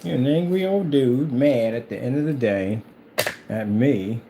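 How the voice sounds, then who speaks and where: Man, gravelly voice, dark mellow tone, teasing, rambling, repetitive, casual chat. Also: mid-range voice, a little slow, slight background noise. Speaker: channel host. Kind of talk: casual trash-talking monologue.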